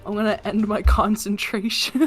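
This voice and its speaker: A woman's voice: mid-range voice, fairly even intonation, normal speed. A woman player in a tabletop game, chatty and full of likes and restarts. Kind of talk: casual tabletop play.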